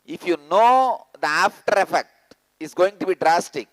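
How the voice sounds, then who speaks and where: Emphatic high-voiced spiritual teacher. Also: male voice, lively intonation, measured pace, no echo, poor audio. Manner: emphatic and insistent, mimics listeners' excuses in a low mocking voice. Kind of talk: spiritual discourse to a workshop audience. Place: indoor teaching hall.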